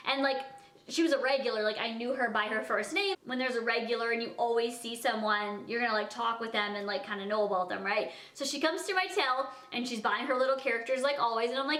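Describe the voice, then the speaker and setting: Young woman vlogger, fairly high voice, chatty storytime delivery, roomy echo. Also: quick pace, pushed and bright. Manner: chatty, heavy use of "like", acts out dialogue. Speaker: vlogger telling a personal story. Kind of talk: casual storytime chat. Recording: echoey room.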